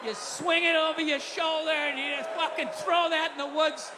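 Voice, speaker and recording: A middle-aged man in his fifties doing a stand-up comedy set, ranting profanely and animatedly with sudden shouts. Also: very high-pitched, little pitch movement, moderate pace, crowd noise, noisy background. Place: comedy club stage. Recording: roomy live theater sound. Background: audience laughter.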